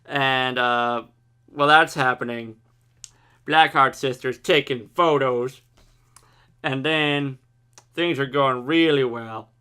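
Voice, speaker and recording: A man's voice: mid-range voice, bright, forceful tone, clean tone. A man giving a casual, irreverent episode recap of an anime, joking and swearing freely.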